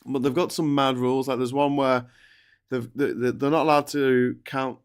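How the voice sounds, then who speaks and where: Man, mid pitch, chatty and jokey, video call stream. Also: little pitch movement, smooth. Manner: joking, chatty, quick asides. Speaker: co-host of a news talk stream. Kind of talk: casual live-stream chat.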